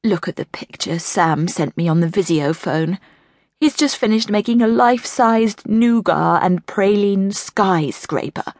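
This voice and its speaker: A woman voicing a sulky grown man king who moans slowly and gloomily. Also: medium pitch, a little mellow, natural voice. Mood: moaning. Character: moaning, self-pitying grown man king.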